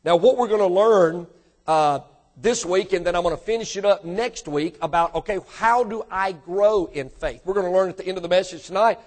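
High-voiced man preaching emphatically. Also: a little fast. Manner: emphatic preaching, rising to high animated bursts; addresses congregation directly with questions. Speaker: pastor. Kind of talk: sermon.

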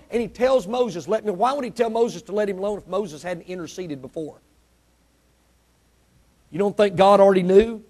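High-voiced emphatic preacher. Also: male voice. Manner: emphatic, questioning the congregation, swings between soft and loud. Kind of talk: sermon.

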